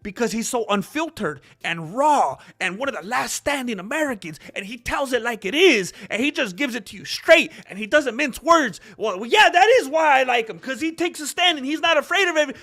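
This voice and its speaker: A man's voice: very high-pitched, animated, fairly quick, few pauses, pushed and bright. A man hosting an MMA commentary vlog, sarcastic and opinionated, acting out both sides of an argument. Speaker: MMA commentary channel host.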